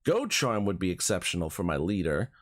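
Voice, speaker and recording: A man streaming a card game, chatting casually with a friend while he plays and laughing often. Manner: animated, quick swings in pitch, laughs often. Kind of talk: casual gameplay commentary with banter.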